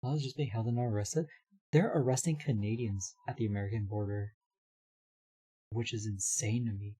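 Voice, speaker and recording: A hoarse young man streaming live, chatting casually, reading his chat aloud and laughing often. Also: fairly low pitch, steady tone, normal speed, dark tone.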